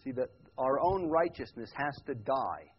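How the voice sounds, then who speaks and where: A man preaching a sermon in a church, loud when quoting scripture and quiet in his asides. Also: mid-range voice, expressive, normal speed, crowd noise. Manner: swings from loud emphatic quotes to quiet reflective asides. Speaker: pastor. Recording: muffled lo-fi church recording.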